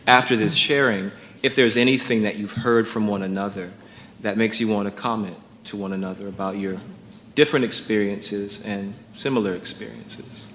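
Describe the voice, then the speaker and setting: Male moderator, lowish voice, polite and guiding, reverberant hall, faint hiss. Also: fairly even intonation, moderate pace. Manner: courteous, gently guiding. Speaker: panel moderator. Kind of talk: moderating a panel.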